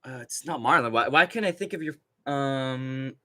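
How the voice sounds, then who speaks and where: This young adult man speaks at normal speed in a mid-range voice with a sharp tone, captured dry. He's running a laid-back livestream, going on profane, rambling rants and laughing often as he reads chat.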